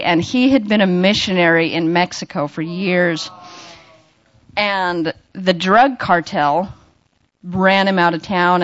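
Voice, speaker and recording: A woman's voice: medium pitch, no room sound. A young woman shares a church testimony in a chatty, self-mocking way, laughing often and acting out what she said. The sound is dry and close, with a slightly dull, muffled tone. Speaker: church member sharing a testimony.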